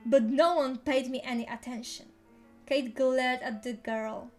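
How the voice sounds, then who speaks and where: A woman's voice: sits high, fairly even intonation, measured pace, darkish tone, faint music behind. A woman reading a novel aloud in the first person, playful and theatrical. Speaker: reader.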